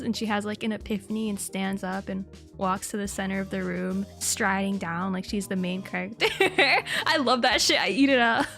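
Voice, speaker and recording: A woman's voice: mid-range voice, creaky, fairly bright tone. A young woman hosting a VTuber stream, chatting casually and reading chat, giggling often and swearing freely. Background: faint background music.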